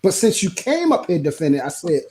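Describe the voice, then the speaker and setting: A man's voice: high-pitched, big pitch swings, fairly quick, warm tone. A man arguing bluntly and aggressively on a livestream, profane and confrontational. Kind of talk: heated argument.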